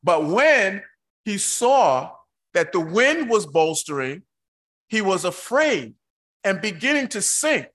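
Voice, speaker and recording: A man preaching a sermon, reading scripture slowly and emphatically with dramatic pauses, breaking into excitable asides. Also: sits high.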